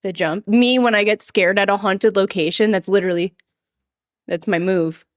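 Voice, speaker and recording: A giggly, chatty woman livestreaming to her viewers through a desk microphone. Her voice sits in a middle pitch, and she breaks off now and then to mimic a quoted line in a higher voice. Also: fairly even intonation, moderate pace, no room sound, clean studio sound. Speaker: streamer. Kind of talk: casual livestream chat.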